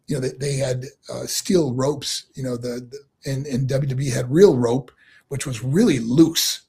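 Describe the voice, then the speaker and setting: A middle-aged man with a slightly husky voice tells animated stories in a casual interview, laughing often as he goes. He grew up in New York and talks in a relaxed, loose way. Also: mid-range voice. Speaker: guest, former pro wrestler.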